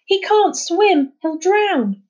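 A woman's voice: high-pitched, normal speed, darkish tone, highs cut off, pitched above the performer's own voice, lightly acted. A woman voicing a gloomy girl who always expects disaster and says it anxiously. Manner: anxious, doom-laden.

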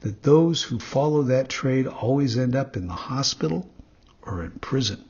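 A man voicing a wise, calm old male cricket who lectures, in a husky voice, on a dull recording. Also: mid-range voice, moderate pace. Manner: calm, preachy.

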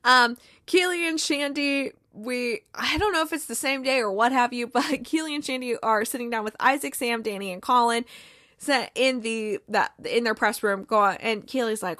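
Woman gushing through a tv recap, kinda high voice, acts out every line, dry close mic. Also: no room sound. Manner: animated retelling with quick quoted dialogue and laughs. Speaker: podcast host recapping a TV episode. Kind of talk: casual episode recap.

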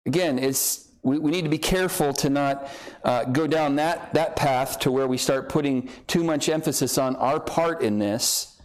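A man's voice: on the high side, moderate pace. A man preaching a conversational sermon as pastor, joking and acting out imagined dialogue between believers.

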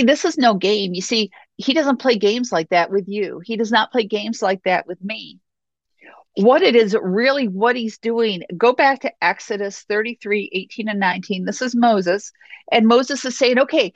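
A woman's voice: mid-range voice, normal speed, dry recording, dull audio. Conversational woman preaching a sermon. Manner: conversational, with frequent "okay" and "you know" asides.

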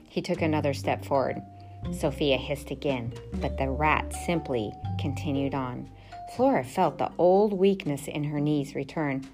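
Low-voiced woman reading a storybook. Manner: expressive, steady narration. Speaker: narrator. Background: music.

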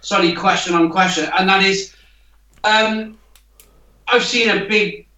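High bright-voiced guy rambling a question, sounds far from the mic in an echoey room. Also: fairly even intonation, a little slow. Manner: chatty, asks rambling questions. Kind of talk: casual podcast chat.

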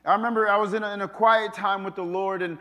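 High-voiced preacher in an echoing hall. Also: male voice, quick pace. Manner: animated, swings between loud calls and hushed asides. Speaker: pastor. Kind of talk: sermon. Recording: long reverb of a hall.

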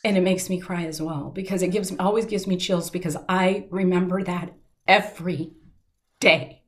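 A woman's voice: fairly low pitch, fairly even intonation. Earnest woman telling a heartfelt story. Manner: earnest, heartfelt, slows down at emotional moments. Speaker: guest telling a personal story. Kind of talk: emotional personal storytelling.

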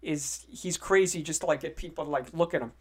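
A young man co-hosting a podcast in casual chat, lively and full of stammered restarts. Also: a little high, a little fast, breathy edge. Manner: animated, stammering restarts, acts out quoted voices. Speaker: podcast co-host.

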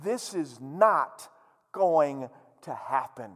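A defiant ancient queen, firm and emphatic, voiced by a man. Her high, lively delivery lands each word hard, and the sound carries a long hall reverb. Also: very slow, full character voice.

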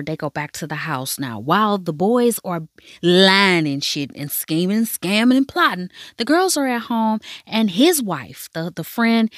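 A podcast host speaks in a medium-pitched voice, delivering a chatty, foul-mouthed recap of a drama with playful asides to her listeners. Her storytelling is frank and casual, captured in clean studio sound with no room noise.

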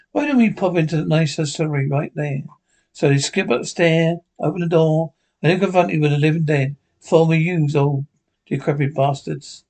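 Men with Scottish accents acting as bickering old male pensioners in a sitcom, trading quick, sweary, deadpan banter. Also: a little high. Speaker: sitcom characters. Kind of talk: scripted sitcom dialogue.

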